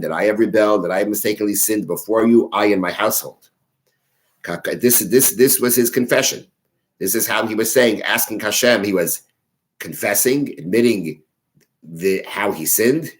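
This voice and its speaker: A man's voice: lowish voice, poor audio. A man teaching a daily Mishnah class. He reads Hebrew phrases aloud and translates them line by line, often restarting his sentences. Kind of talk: religious text study lesson.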